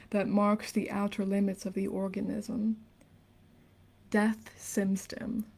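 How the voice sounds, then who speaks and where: Twenties woman reading theory on a late stream, soft earnest tone, mellow and kinda flat, hushed little asides. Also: medium pitch. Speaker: livestreamer reading aloud.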